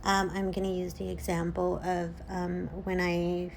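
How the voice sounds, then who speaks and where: A woman sharing a personal spiritual vlog, earnest and emotional, halting with many restarts. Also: on the low side, level tone, vocal fry, slight background noise, rough recording. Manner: earnest, pleading. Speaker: spiritual content creator.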